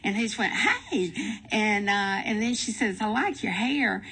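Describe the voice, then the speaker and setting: An older woman, a grandmother, speaking as a radio guest in a halting, gentle way with many pauses. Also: mid-range voice, expressive, slightly rough, rough recording. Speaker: guest, spiritual director. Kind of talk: radio interview chat. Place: radio studio.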